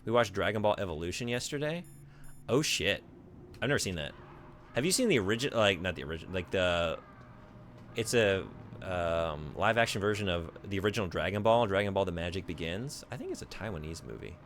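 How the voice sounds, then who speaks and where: A man's voice: low voice, expressive, a little fast, fairly bright tone, slight background noise. A man streaming a video game in casual chat, thinking aloud, rambling and answering his viewers as he plays.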